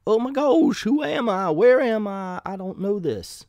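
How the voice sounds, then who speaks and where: A man's voice: high-pitched, lively intonation, measured pace, a little mellow, no echo, studio quality, voice pushed up. A man voicing a bewildered, newly awakened male robot superhero who exclaims in confused questions.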